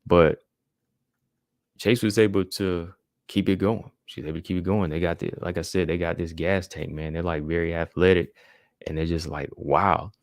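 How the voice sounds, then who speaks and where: A man's voice: low-pitched, fairly even intonation, moderate pace, dry recording, studio quality. A man hosting a podcast, giving a laid-back casual recap of fights and often filling his talk with "man" and "you know". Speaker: podcast host.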